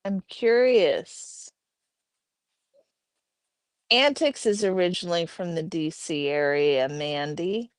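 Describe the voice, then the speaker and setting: A woman hosts a casual livestream from home, reading viewer comments and chatting, calling both her viewers and her pets by name. Her smooth voice is fairly low, slow and full of pauses, in a dry recording.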